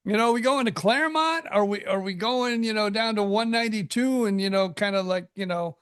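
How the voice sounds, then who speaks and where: High-voiced man, casual podcast chat. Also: a little fast, a bit bright, clear, resonant tone. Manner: easygoing, rambling, joking. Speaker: podcast co-host.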